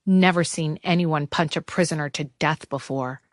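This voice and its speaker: A woman reading the lines of an impatient male gravedigger, speaking gruffly in an audiobook. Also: on the high side, moderate pace, no echo, studio quality, natural voice.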